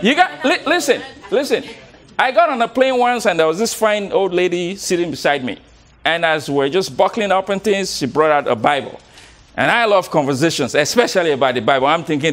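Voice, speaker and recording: A man giving a motivational talk to a live audience as a coach. He is animated, laughs often, repeats words and coaxes the crowd to join in. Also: high-pitched, brisk.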